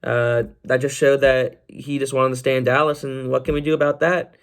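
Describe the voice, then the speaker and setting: Rambling, excitable young man. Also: mid-range voice, moderate pace, clear, resonant tone. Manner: rambling and excitable, many fillers and restarts. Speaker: podcast host. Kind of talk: casual solo sports chat.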